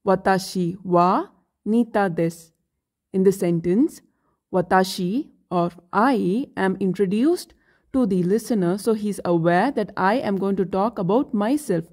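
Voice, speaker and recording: A woman teaching a beginner language lesson, explaining grammar points slowly and carefully with example phrases. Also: mid-range voice, darkish tone.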